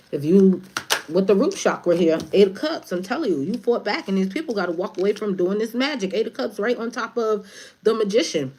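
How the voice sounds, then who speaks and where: A woman giving a casual tarot reading on a livestream, blunt and profane, who repeats phrases for emphasis. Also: on the low side. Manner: preachy, repeats phrases for stress. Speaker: tarot reader and spiritual advisor.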